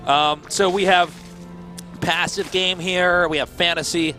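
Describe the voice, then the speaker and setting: A man's voice: high voice, fairly even intonation, measured pace, sharp tone, faint music behind. A man commentating a live game, joking with his co-caster and laughing often. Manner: jokey, laughs often, playful asides. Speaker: esports commentator.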